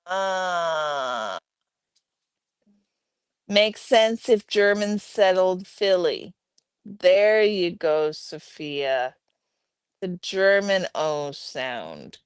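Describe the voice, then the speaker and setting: A woman's voice: fairly low pitch, clean tone, dry recording. A woman hosting a casual livestream from home, chatting with viewers and addressing them by name. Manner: chatty, talks to chat viewers and her pets by name. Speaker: livestream host. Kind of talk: casual chat reading viewer comments.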